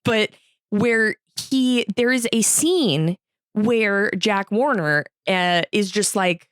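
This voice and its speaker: A woman's voice: mid-range voice, takes it slowly, dry recording, clean studio sound. A woman co-hosting a podcast, trading wry, sarcastic quips about a movie and laughing often. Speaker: podcast co-host. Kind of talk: casual movie review chat.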